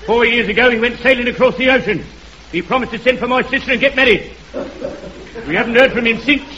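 A man doing a high-voiced soapbox crank. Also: fast, sharp tone. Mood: haranguing. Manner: insistent, preachy crowd-haranguing. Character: eccentric soapbox crank, middle-aged man. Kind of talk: 1950s radio comedy acting. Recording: dull, hissy old radio recording.

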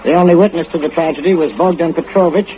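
A man as a brisk, tinny news announcer. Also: a little high, close to an everyday voice. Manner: crisp, rapid newsreader delivery. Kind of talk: 1940s radio acting. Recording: tinny phone-like radio sound with faint hiss.

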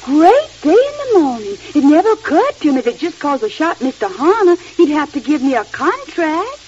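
An actress voicing a naive young Southern belle with a sugary drawl and a Southern US accent, in 1940s radio comedy style. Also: female voice, high voice, sing-song, moderate pace, a little mellow. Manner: sugary, wide-eyed drawl. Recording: dull old radio recording with faint hiss.

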